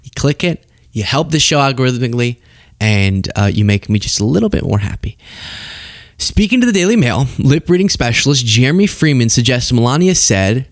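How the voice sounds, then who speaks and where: A man's voice: mid-range voice, lively intonation, fairly quick, no echo, clean studio sound. Sarcastic man hosting political commentary. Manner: sarcastic, often laughing.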